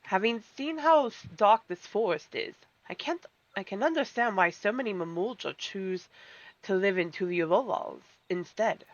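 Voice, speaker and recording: A woman's voice: mid-range voice, expressive, moderate pace, no room sound. A woman streaming a game, chatting casually, laughing often and reading game lines aloud. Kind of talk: casual gaming chat. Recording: dull lo-fi stream audio. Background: faint game music.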